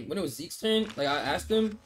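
Young man, fairly high voice, laid-back streamer banter with laughs and swearing, chats while eating. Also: animated, moderate pace, slight background noise. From Australia. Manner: talks while eating noodles. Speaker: mobile game streamer. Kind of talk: casual livestream chat, reading comments.

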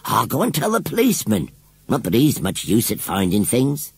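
A man's voice: mid-range voice, wildly swooping pitch, normal speed, slightly rough, dry recording, voice pushed up, heavily acted. A man voicing a fretful old village washerwoman who laments in a rustic dialect, in a storybook reading. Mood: grumbling.

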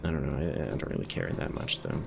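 Low-voiced laid-back male game streamer. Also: sing-song, fast talker, gravelly. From Northeastern United States. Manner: rambling, easygoing, many "um"s and "like"s. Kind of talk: casual live-stream commentary while gaming. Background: game music.

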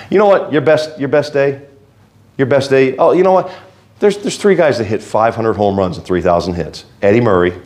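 Preaching with fervor and a folksy touch, this fairly low-pitched male pastor moves back and forth between hushed asides and loud exhortations in his sermon.

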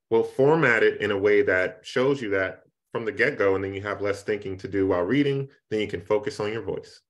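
A man who teaches and writes poetry, giving calm, reassuring advice in a workshop over a video call. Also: on the low side, a little fast, few pauses. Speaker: teacher and poet.

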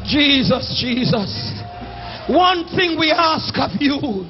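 A man with a Jamaican accent preaching a fiery sermon as bishop and senior pastor, shouting in drawn-out exhortations and singsong pleas and calling on the congregation to answer. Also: very high-pitched, very animated. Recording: dull lo-fi church recording with music.

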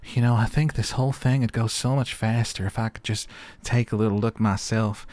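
Man putting on a Southern belle chef, mock Southern US drawl, sugary, pushy, slow, low-pitched. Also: fairly even intonation, darkish tone, dry recording, natural voice. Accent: exaggerated Southern US, mock.

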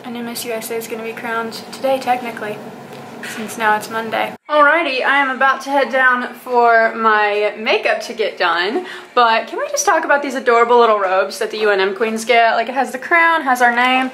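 A young woman talking to her camera in a casual, bubbly vlog, gushing and excitable between chats with friends. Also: on the high side, a little fast. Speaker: pageant titleholder vlogger. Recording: noisy event with chattering crowd.

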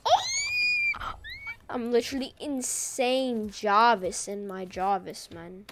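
A woman giving casual, rambling gaming commentary, excitable and full of slang as she plays. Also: medium pitch, measured pace, very noisy. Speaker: gaming video creator.

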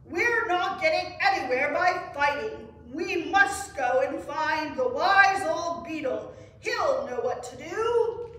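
A woman voicing a formal, solemn chief frog who speaks slowly and loudly, in an echoey room far from the mic. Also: high voice, animated, full character voice. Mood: commanding.

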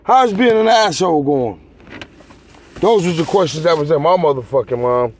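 A man's voice: fairly high pitch, expressive, normal speed, a little hiss or hum. A man vlogging in a heated, profane rant aimed straight at his viewers. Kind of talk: ranting monologue to camera.

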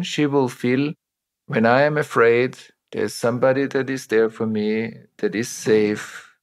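Middle-aged male guest, mid-pitched, measured and reflective; draws on personal examples. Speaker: interview guest, trauma teacher. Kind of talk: reflective interview talk.

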